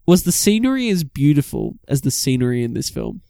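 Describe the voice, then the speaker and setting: A man's voice: on the high side, very animated, a little fast, gravelly, dark tone, no room sound, studio quality. A man co-hosting a casual film review podcast, rambling with many restarts and fillers. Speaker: podcast co-host.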